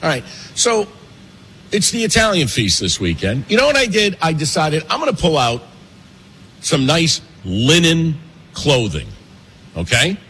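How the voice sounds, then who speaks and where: A man hosting an opinionated political talk show from a pastry shop cafe, talking fast and emphatically and repeating his points. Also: on the high side, slightly rough. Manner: animated, emphatic, fast, with repetitions.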